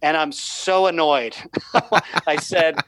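A man's voice: fairly high pitch, takes it slowly, fairly bright tone, no echo, low-quality recording. A man talking on a podcast, telling a fatherhood story in a rambling, self-deprecating way with many restarts. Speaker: podcast guest, fatherhood writer. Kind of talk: casual podcast conversation.

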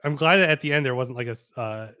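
A man's voice: medium pitch, fast, sharp tone, clean tone. Man in casual, dry movie chat. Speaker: stream guest.

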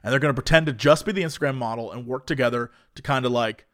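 A man's voice: mid-range voice, quick pace. A man in casual chat, telling a story with lots of animation and acting out quotes.

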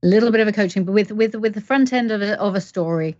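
A woman's voice: mid-range voice, fast talker, a little mellow, dry recording, lo-fi sound. A woman guest coach giving advice in an interview, explaining by acting out example conversations. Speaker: guest expert, leadership coach.

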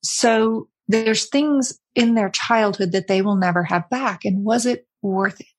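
Breathy middle-aged woman telling a story. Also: medium pitch, unhurried. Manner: candid, reflective, animated when quoting family. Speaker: interview guest, author. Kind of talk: conversational storytelling.

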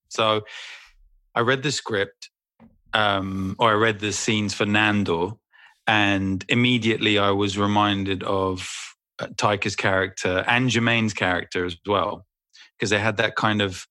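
Bright-voiced, rambling male actor. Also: on the low side, steady tone, a little slow, dry recording. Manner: rambling, self-deprecating, laughs easily. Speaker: actor and guest. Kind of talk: casual interview chat.

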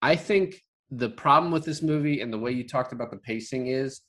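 A man's voice: mid-range voice, a little fast, a bit bright. A man talking casually about a movie he watched, rambling with lots of fillers and restarts. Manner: rambling, many fillers and restarts, laughs often. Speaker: podcast co-host. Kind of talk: casual movie review chat.

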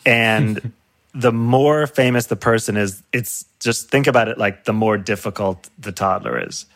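A man's voice: on the low side, a little slow, fairly bright tone, no echo, clean studio sound. A male comedian in a casual chat, laughing often as he riffs and acts out silly voices. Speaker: comedian guest.

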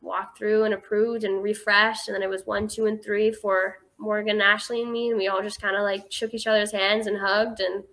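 A woman's voice: mid-range voice, level tone, moderate pace, few pauses, fairly bright tone. An eighteen-year-old woman telling a story as a guest in a casual interview, chatty and filling her speech with "like".

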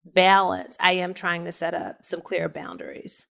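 A woman in her thirties, a podcast co-host, telling personal stories in a lively, chatty way and laughing often. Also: on the low side, unhurried, vocal fry. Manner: animated storytelling, laughing often. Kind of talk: casual conversation.

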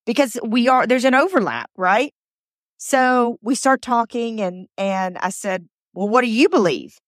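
A woman's voice: on the high side, measured pace, dry recording, clean studio sound. A woman hosting a motivational podcast, telling personal stories in an earnest, chatty way and repeating phrases for emphasis. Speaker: podcast host.

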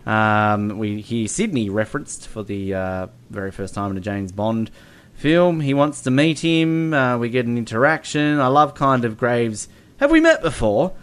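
A man's voice: mid-range voice, a little slow, clear, resonant tone. Rambling man chatting about films. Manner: rambling, many ums, bursts into playful impressions. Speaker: podcast co-host. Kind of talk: casual film review chat.

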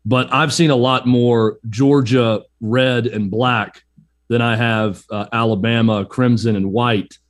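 A man of mid pitch co-hosts a sports talk show. He chats casually and jokes with the other hosts. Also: steady tone, takes it slowly. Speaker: co-host.

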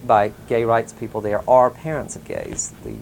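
A man from the US South, telling a personal story in a casual interview, rambling with many ums and soft chuckles. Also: medium pitch, huge pitch swings, normal speed, creaky, a little hiss or hum, poor audio. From Mississippi, US South. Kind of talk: casual oral-history storytelling.

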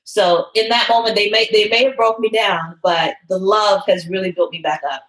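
A woman who owns a fitness studio, telling her story in an interview with emotion and lively quoted voices. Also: mid-range voice, normal speed, echoey room, low-quality recording. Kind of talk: interview conversation.

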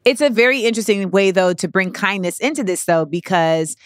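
A woman hosting a casual podcast chat, who agrees warmly and laughs often. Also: medium pitch, fairly quick, no room sound, clean studio sound. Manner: expressive, affirming, laughs often. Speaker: podcast host. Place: podcast studio.

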